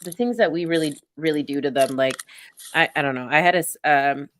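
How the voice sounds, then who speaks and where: A man hosting a podcast, chatting in a relaxed way with lots of filler words. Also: a little high, a little fast, slight background noise. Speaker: podcast host. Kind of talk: casual podcast conversation.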